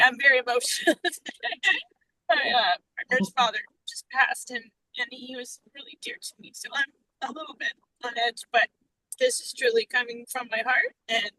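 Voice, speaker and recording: A woman on a group video call, speaking in a heartfelt, halting way that often drops to a whisper. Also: fairly high pitch, pushed and bright, dry recording, low-quality recording. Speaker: group participant.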